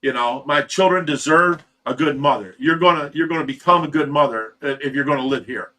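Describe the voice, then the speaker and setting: A man's voice: a little high, fairly quick, pushed and bright. A middle-aged man from Ohio hosting a livestream, telling a long personal story in a candid, rambling way with frequent restarts. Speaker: livestream host.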